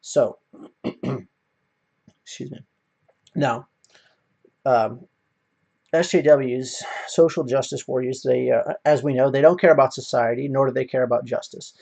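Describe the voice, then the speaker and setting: A man's voice: medium pitch, steady tone, measured pace, vocal fry, pauses often, a little mellow. A man ranting in a casual monologue, swearing often and rambling with many fillers. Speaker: video commentator.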